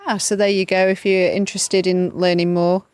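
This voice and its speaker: A woman's voice: lowish voice, flat delivery, moderate pace, clean tone. A woman podcast host, interviewing a guest and then reading a heartfelt outro. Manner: warm, heartfelt, gushing.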